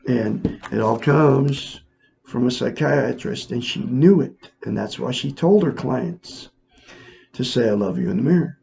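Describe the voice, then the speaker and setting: A man's voice: medium pitch, measured pace, gravelly, darkish tone, husky. A man hosting his own self-help video, talking earnestly and repetitively to his viewers. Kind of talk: casual monologue to camera.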